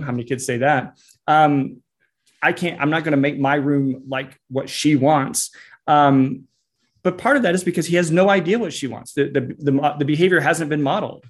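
Male podcast co-host, slightly high voice, chatty and agreeable. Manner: conversational, lots of fillers and quick agreement. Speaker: psychologist co-host. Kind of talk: casual podcast discussion.

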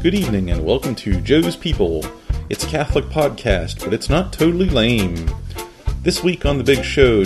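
A man reading a jokey, mock-formal show introduction. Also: mid-range voice. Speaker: announcer. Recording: music bed behind voice. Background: guitar music.

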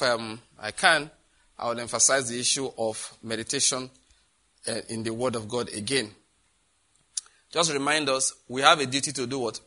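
A man's voice: medium pitch, bright, forceful tone. A man preaching a sermon, reading scripture aloud and asking the congregation questions.

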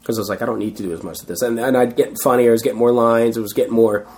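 A man's voice: medium pitch, steady tone, rapid-fire, darkish tone. A Canadian man, a street performer, telling rambling, self-deprecating stories full of fillers in a casual interview.

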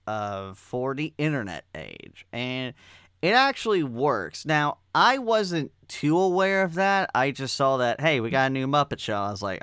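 A man with a smooth, resonant voice that swoops up and down a lot, recorded dry and close. He talks as a podcast guest, rambling and restarting as he thinks. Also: mid-range voice, fairly bright tone, dry recording. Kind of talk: casual chat.

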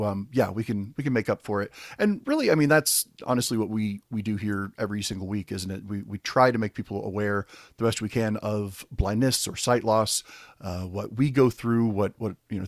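Male podcast host, relaxed and rambling, mid-range voice, dry recording. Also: medium pitch, no echo. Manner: easygoing, rambling with restarts. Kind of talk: casual podcast chat.

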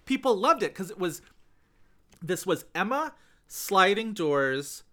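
A man's voice: high voice, sing-song, slow, pushed and bright. A man co-hosting a film podcast, chatting casually and rambling with many fillers. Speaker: podcast co-host.

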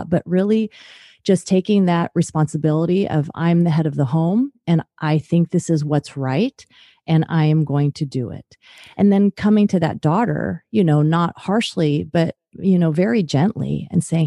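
A woman's voice: low voice, moderate pace, mellow, dry recording, studio quality. A woman, a guest author on a podcast, talking earnestly about parenting and acting out bits of parent dialogue. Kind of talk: podcast interview.

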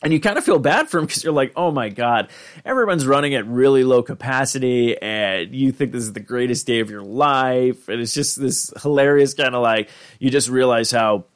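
A young man hosting a podcast, rambling through an episode recap with lots of "like" and "uh", and jumping into a high voice to act out characters' lines. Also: normal speed. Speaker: podcast host.

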